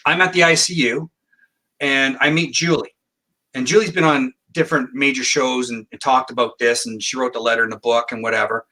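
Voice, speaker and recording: A man's voice: mid-range voice, fairly even intonation, brisk, pushed and bright. A man telling a long personal story as a guest in a podcast interview, acting out quoted dialogue. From Canada. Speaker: guest psychic.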